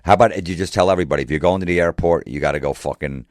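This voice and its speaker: A man with an extremely low voice rants in a profane monologue, exasperated, piling up rhetorical questions. The sound is dry and close, with no room around it. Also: rapid-fire, dry recording. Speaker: comedian.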